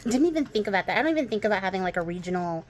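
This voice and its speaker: A woman's voice: medium pitch, lively intonation, very fast, a little hiss or hum. A young woman from the western United States with a light Texas twang over a West Coast accent, rambling casually about her crafts with lots of fillers and laughs. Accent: mild Texas twang over a West Coast accent. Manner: chatty, rambling, laughs often, many fillers. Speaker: crafting channel host.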